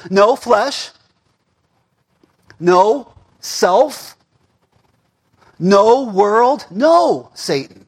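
Husky male pastor, preaches with wide swings from loud to hushed. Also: high-pitched, extremely slow, long pauses. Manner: animated, swings between shouting and murmuring. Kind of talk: sermon. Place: church.

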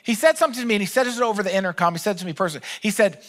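Bright-voiced man preaching casually. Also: sits high, racing. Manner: conversational, joking storyteller. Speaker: pastor. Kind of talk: sermon.

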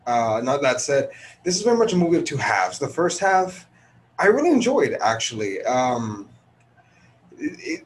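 A man's voice: mid-range voice, a little hiss or hum. A man hosting a podcast and giving a casual movie review, chatty and a bit tired, with lots of ums and restarts. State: tired, early morning. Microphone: headphone podcast recording.

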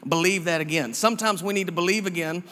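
A man's voice: sits high, fast, bright, forceful tone. A man preaching a casual, encouraging sermon full of repetition and restarts. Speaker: pastor. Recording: long hall reverb.

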